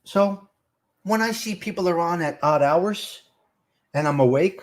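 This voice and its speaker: A man's voice: sits high, unhurried. A man hosting a casual live stream, rambling and swearing as he talks to viewers in the comments.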